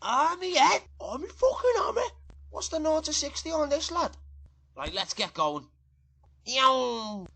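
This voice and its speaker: A man's voice: extremely high pitch, sing-song, a little slow, creaky, sharp tone, full character voice. A man doing a brash Scouse Fireman Sam. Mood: rowdy. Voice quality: brash, sweary. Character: crude loud-mouthed Scouse fireman, adult male. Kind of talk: comedy parody dub.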